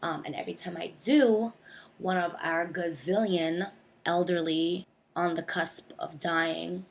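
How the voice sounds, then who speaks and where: A woman's voice: fairly low pitch, fairly even intonation, unhurried, vocal fry. A young woman from New Jersey telling a comic monologue, sassy and slangy, acting out other people's voices. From Bergen County, New Jersey. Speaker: comedic storyteller.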